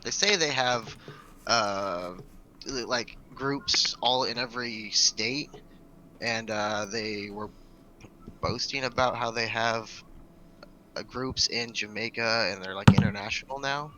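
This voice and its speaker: Bright-voiced laid-back podcast man. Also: lowish voice, slow, slight background noise. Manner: rambling, laid-back storyteller. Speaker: podcast co-host. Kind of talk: casual chat.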